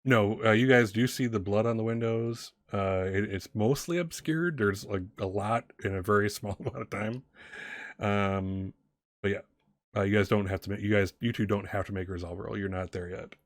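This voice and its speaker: A man with a low voice runs a tabletop game, stopping and restarting his sentences as he narrates. The sound is dry, with no room echo around him. His pace is unhurried and conversational. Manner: halting, many fillers and restarts. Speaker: game master.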